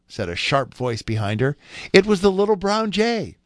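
A man reading a children's tale aloud as narrator, in an expressive, measured way. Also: high-pitched, no room sound, clean studio sound. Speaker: storyteller. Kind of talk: scripted narration.

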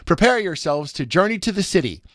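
A man reading a storybook aloud, voicing a proud father who speaks warmly but firmly. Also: high voice, very animated, brisk, dry recording, studio quality, voice pushed up. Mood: fatherly.

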